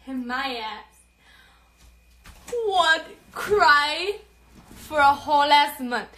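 High-pitched, profane young woman livestreaming. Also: bright, forceful tone, echoey room. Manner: profane, laughing, code-switching into Spanish. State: out of breath. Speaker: social media personality. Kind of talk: casual livestream storytelling. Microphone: phone.

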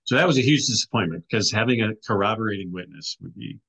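A fast-talking middle-aged man with vocal fry and a fairly low, slightly bright, slightly rough voice tells a casual story on an interview podcast, often restarting and saying "you know." He's an author and filmmaker, and the recording is rough.

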